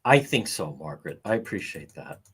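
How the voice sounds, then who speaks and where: A man's voice: a little fast, gravelly, husky. A middle-aged man hosting a casual livestream, answering chat comments in a sarcastic, wry way and chuckling now and then. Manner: sarcastic, wry, chuckling, animated swings in pitch. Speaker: livestream host.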